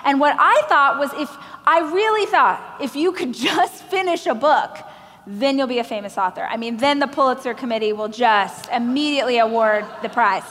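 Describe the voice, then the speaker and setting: Brief: woman keynote speaker, bright high voice, lively self-mocking storyteller, big reverberant hall. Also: normal speed. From Oklahoma, US. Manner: animated storytelling, acting out other people's lines; self-deprecating humor. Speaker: motivational speaker. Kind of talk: keynote speech. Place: large event stage.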